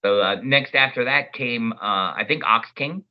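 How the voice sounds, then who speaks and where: Animated male voice actor telling stories. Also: mid-range voice, moderate pace, highs cut off. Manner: animated, storytelling, jumps into character voices. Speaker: voice actor guest. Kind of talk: casual interview chat.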